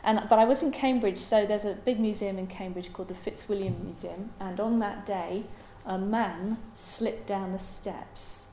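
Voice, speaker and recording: Halting woman giving a dharma talk. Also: medium pitch, dark tone, slight background noise. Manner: halting, thoughtful, many ums. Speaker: Buddhist dharma teacher. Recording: roomy echo.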